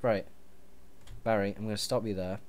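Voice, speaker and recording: A man's voice: on the low side, steady tone, normal speed, a little mellow. A young man co-hosting a gaming video, nitpicking his partner with exasperated, swearing rants. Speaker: let's play co-host. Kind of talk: casual gameplay banter.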